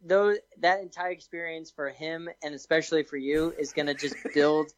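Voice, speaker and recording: A woman's voice: low-pitched, fairly even intonation, moderate pace. A woman guesting on a podcast, musing chattily with lots of fillers. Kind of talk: casual chat. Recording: dull lo-fi dry sound.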